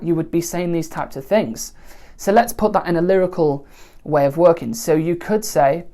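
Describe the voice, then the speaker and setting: A woman teaching songwriting in a relaxed, conversational way, often pausing to check in with the listener. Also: on the low side. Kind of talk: spoken songwriting lesson to camera.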